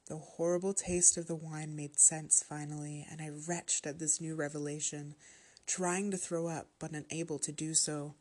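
A woman narrating a horror story in a steady, measured reading voice. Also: deep voice.

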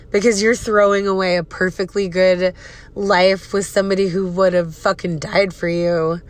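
A woman in her thirties with an emotional, profane, venting manner, hosting a casual personal podcast. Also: fairly low pitch. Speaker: podcast host.

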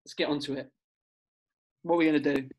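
A man hosting a podcast, talking casually and excitably, laughing often. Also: a little high, quick pace, poor audio. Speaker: podcast host. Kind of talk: casual chat.

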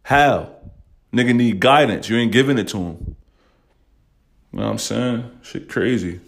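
A man with a fairly low voice hosts a casual podcast rant. He talks bluntly and emotionally, swears constantly, and keeps checking in with "you know what I'm saying.". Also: measured pace, creaky. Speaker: podcast host.

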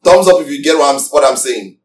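A man's voice: on the high side, animated, fairly quick, far from the mic. A man preaching a sermon emphatically, asking his congregation questions as he teaches. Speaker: pastor. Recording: echoey room, voice from off mic.

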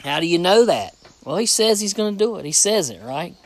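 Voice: medium pitch, very animated, fairly quick, no echo. A preacher giving a plain-spoken, folksy sermon, reading scripture aloud and repeating phrases for emphasis.

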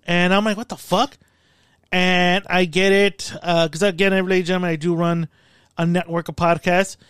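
High, smooth-voiced profane podcast host. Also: male voice, fairly quick, no room sound, studio quality. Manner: profane, animated storytelling. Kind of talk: casual podcast chat. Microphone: studio mic.

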